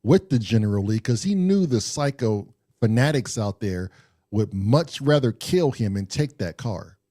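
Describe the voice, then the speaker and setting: A man co-hosting a casual live-stream chat, telling a story with animated energy and often repeating words as he builds up. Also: mid-range voice, measured pace, no echo, clean studio sound. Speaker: co-host.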